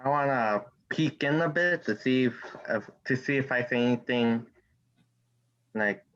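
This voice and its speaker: A man's voice: medium pitch, a little slow, fairly bright tone. A man playing in a tabletop game, talking casually and restarting his sentences. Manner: rambling, restarts mid-sentence. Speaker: player. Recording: dull lo-fi mic with faint noise.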